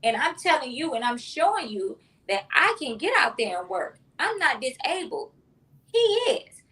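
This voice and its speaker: A woman's voice: high-pitched, sing-song, normal speed, a bit bright, distant mic, low-quality recording. Heartfelt mother heard from off-mic. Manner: heartfelt, emotional. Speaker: guest, mother. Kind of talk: interview chat.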